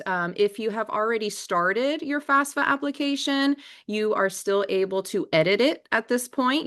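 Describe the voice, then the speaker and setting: A woman's voice: mid-range voice, fairly bright tone, clean tone. A woman, an assistant director presenting an informational webinar over a video call, friendly and emphatic with frequent fillers.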